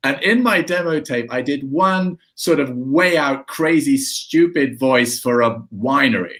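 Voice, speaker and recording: A man's voice: medium pitch, expressive, measured pace, fairly bright tone. A man, an actor hosting the chat, telling show business stories and mimicking voices with laughter. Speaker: host and actor. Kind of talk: casual chat.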